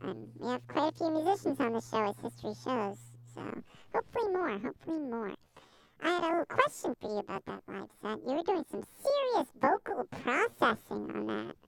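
Bubbly high-voiced woman host. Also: big pitch swings, brisk, creaky, few pauses, rough recording. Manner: bubbly, playful, enthusiastic. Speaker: podcast host. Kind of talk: casual chat.

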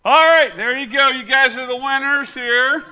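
A middle-aged man, a pastor, running a quiz with his congregation and telling an animated, self-mocking story. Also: very high-pitched, moderate pace, clean tone.

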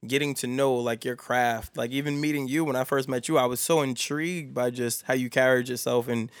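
Guy cohosting a podcast, blunt, cusses a lot, gets animated, dry close mic. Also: medium pitch, brisk, smooth, dry recording. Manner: animated, blunt, swears and laughs often. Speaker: podcast co-host. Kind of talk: casual chat.

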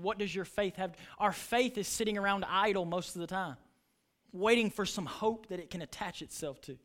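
High-voiced impassioned pastor. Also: male voice, a bit bright. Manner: impassioned preaching, retelling stories with voices. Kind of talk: sermon.

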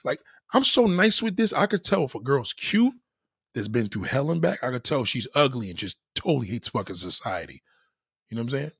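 A man's voice: mid-range voice, very animated, brisk, gravelly, fairly bright tone, breathy edge, dry recording, studio quality. A man hosting a live stream, answering his chat in a blunt, profane and boastful way. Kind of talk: casual live-stream monologue.

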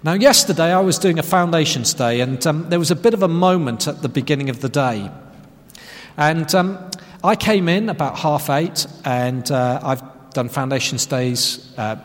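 A man's voice: on the high side, expressive, normal speed, in a large hall. A man preaching a sermon, telling a self-mocking story and stressing key phrases. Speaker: pastor.

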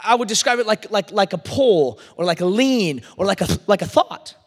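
A man preaching a sermon as pastor, swinging from shouts down to near-whispers. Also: sits high, animated, normal speed. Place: church service. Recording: long reverb of a large hall.

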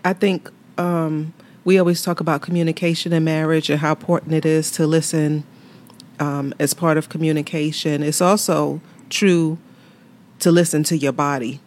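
A woman's voice: sits low, little pitch movement, normal speed, darkish tone. A married woman in her fifties co-hosting a podcast with her husband, laughing easily and speaking earnestly. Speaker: podcast co-host. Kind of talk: casual chat.

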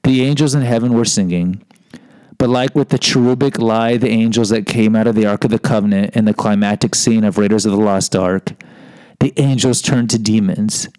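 A man's voice: on the low side, fairly even intonation, moderate pace, darkish tone, clean tone, no room sound, low-quality recording. A man in his fifties telling a rambling personal story, digressive, wry and self-mocking.

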